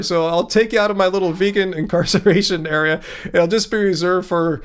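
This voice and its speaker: A man's voice: high voice, fairly even intonation, brisk, smooth. A middle-aged man hosting a casual livestream, reading out viewer comments and answering them in a joking, teasing way. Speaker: livestream host.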